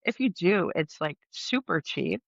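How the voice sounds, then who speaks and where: A woman's voice: on the low side, animated, unhurried, vocal fry, no room sound. A middle-aged woman co-hosting a podcast, chatting in an opinionated, jokey way. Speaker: podcast co-host. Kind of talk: casual chat. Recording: dull lo-fi sound.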